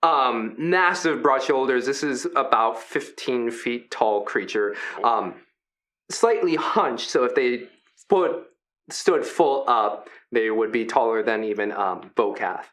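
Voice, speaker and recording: A man acting as game master for a tabletop game narrates in a relaxed manner, full of fillers. His voice is mid-range and he takes it slowly.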